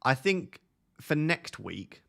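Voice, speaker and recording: A man's voice: mid-range voice, very animated, takes it slowly, creaky, a bit bright. Young essex guy, easygoing stream host, close desk mic, answers chat off the cuff. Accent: Essex English. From Essex, England. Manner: chatty, reads and answers viewer chat. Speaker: livestream host. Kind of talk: casual live stream chat. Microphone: close desk microphone.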